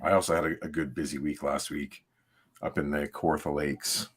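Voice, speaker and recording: A man's voice: rumbling low, steady tone, normal speed, breathy edge. A middle-aged man co-hosting a livestream, talking in a rambling, laid-back way with plenty of fillers. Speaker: podcast co-host. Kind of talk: casual livestream chat.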